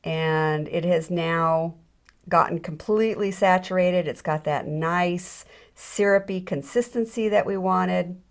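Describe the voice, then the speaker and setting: A woman's voice: fairly low pitch, slow pace. A middle-aged woman giving a chatty, self-deprecating hands-on jewelry demonstration, with frequent ums and restarts. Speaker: jewelry tutorial instructor.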